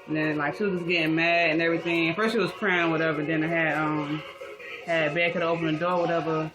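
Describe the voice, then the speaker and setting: Talking fast in a low, steady voice, this young vlogger casually rambles through a personal story full of slang, swearing and fillers. The recording is rough, with music playing in the background.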